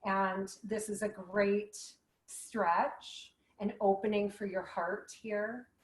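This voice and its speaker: A woman guiding a yoga class with gentle, playful cues. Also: mid-range voice, fairly even intonation, slow. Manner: gentle, playful cueing with animal sounds. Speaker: yoga instructor. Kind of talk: guided yoga class instruction. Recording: echoey room.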